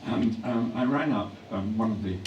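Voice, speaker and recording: An older English man reflecting on his acting career in a live on-stage interview, clearing his throat often as his voice grows hoarse. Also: fairly low pitch, normal speed, muffled recording. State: voice growing hoarse. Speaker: actor being interviewed. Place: hall at a public event. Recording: echoey hall from a distance, faint hum.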